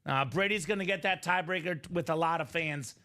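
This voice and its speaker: A man hosting a live card-break stream, chatting casually and pitching breaks with lots of filler words. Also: fairly quick, bright, forceful tone. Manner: upbeat, chatty, salesy, many "uh" fillers. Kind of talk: casual sales chat on a livestream.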